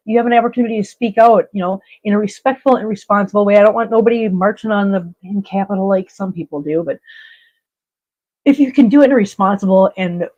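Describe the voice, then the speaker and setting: A woman with a medium-pitched, mellow voice hosts a live stream, reading out viewer comments in a casual chat. She is blunt, emphatic and emotional, often repeating herself. The recording sounds muffled.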